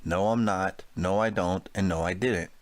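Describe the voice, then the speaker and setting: Sarcastic, teasing teen girl with a mock-snooty edge, read by a deep-voiced man. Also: normal speed, natural voice.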